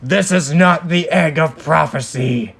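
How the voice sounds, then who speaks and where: A man voicing a villainous male dark master who speaks in a booming, slow, commanding way. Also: vocal fry. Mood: menacing.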